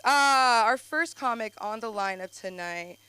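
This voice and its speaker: A young woman hosting a live stand-up night on a club stage. Her voice is bright and forward, and she rambles through self-deprecating jokes with quick asides. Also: on the high side, lively intonation, clean tone, no room sound, low-quality recording. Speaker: stand-up comic and show host.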